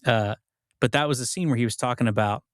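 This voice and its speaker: A man in relaxed movie talk, rambling and full of fillers, his voice at an everyday middle pitch. He sounds close and dry on the mic, with no room around him. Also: dry recording. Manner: rambling, filler-heavy, retells scenes in quick voices. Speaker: podcast co-host. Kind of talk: casual movie chat.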